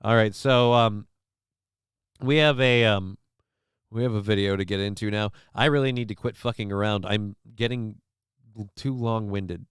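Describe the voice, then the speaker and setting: A man's voice: lowish voice, normal speed, long pauses, clean tone, no echo. A man hosting a commentary show, rambling casually with many fillers and frequent swearing. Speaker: show host.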